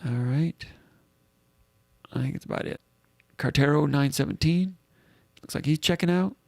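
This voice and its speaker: Gravelly, slightly high-voiced male host. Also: moderate pace, darkish tone, no echo. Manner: thinks aloud, rambling with self-corrections. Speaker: host of a sports call-in show. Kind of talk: casual live chat, reading out viewer comments.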